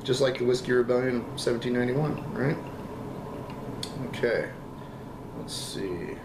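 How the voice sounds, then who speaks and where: A man giving a casual product review, talking in halting, enthusiastic bursts and coughing now and then from a lingering cough. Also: medium pitch. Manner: halting, repeats words, enthusiastic. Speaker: vape juice reviewer. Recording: echoey room with background noise.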